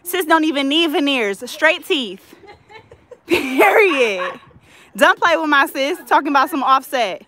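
Sitting high with lively intonation and a sharp tone, her voice moves at a moderate pace over a little hiss or hum. She's a Bay Area woman vlogging at home, breathless, playfully showing off fresh braids in slang-filled chatter.

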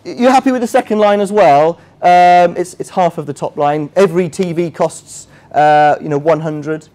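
Soft music plays in the background as a finance trainer with a fairly high, warm voice teaches an interactive session at a moderate pace in a workshop room full of people. He talks casually, checks that the audience agrees, and pokes fun at himself while explaining.

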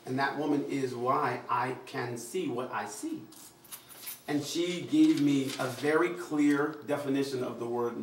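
An American man giving a public address, animated, often acting out the voices of people he quotes. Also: mid-range voice. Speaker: invited speaker. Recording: echoey room, mic far off.

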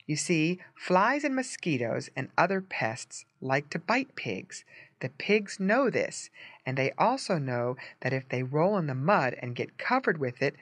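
A storyteller reading a simple story aloud in a clear, gently explaining way for English learners. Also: medium pitch, dry recording.

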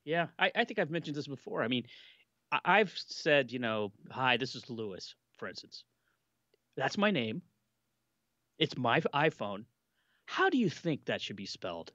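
A man co-hosting a tech podcast, talking with an animated, lively voice full of restarts and exasperation. His remote audio sounds dull and muffled. It is dry, with no room sound. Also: fairly high pitch, normal speed, pauses often, dry recording. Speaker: podcast co-host. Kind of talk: casual tech podcast chat.

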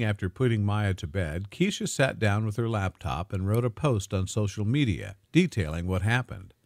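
A man smoothly narrating a dramatic story in a scripted, storytelling manner. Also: fairly low pitch, no echo, clean studio sound.

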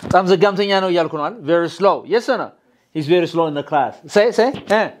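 A native Amharic speaker with an Ethiopian accent teaches an English lesson, coaxing students to repeat words after him in call and response. His voice is high and his delivery rapid-fire.

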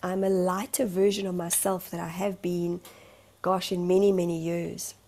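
A woman's voice: on the low side, level tone, moderate pace, mellow. A woman in a candid vlog monologue, speaking as a life coach in an earnest, emotional, rambling way.

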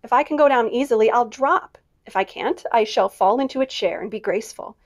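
A woman's voice: on the high side, brisk, lightly acted. A woman voicing a prim little girl with an affected, fussy way of talking. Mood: prissy. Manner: prissy, affected.

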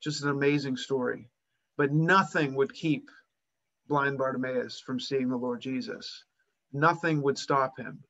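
A man's voice: mid-range voice, steady tone, unhurried, a bit bright, lo-fi sound. A man preaching a sermon, retelling a Bible story and acting out its voices with rising emphasis.

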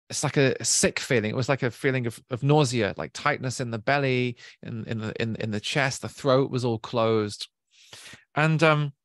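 A man giving a reflective spiritual talk, speaking slowly and gently, searching for words and often restarting. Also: mid-range voice, dry recording, clean studio sound. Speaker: spiritual teacher.

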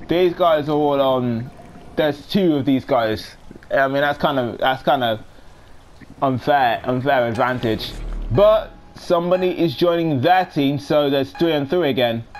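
A man's voice: on the high side, a little hiss or hum. Chatty young man narrating gameplay. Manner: chatty, jokey, self-narrating. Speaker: gaming commentator. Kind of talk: live gameplay commentary.

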